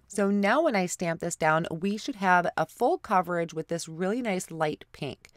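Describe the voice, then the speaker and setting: A woman's voice: fairly low pitch, lively intonation, normal speed, no room sound, studio quality. A woman hosting a card-making tutorial, narrating each step with a stuffy nose from a head cold. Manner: apologetic, step-by-step explaining. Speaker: card-making channel host. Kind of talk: crafting tutorial voice-over.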